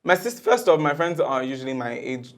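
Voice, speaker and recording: Animated male talk show guest, higher voice. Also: fairly quick. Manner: animated, laughs while talking. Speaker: guest, media personality. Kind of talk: casual studio discussion.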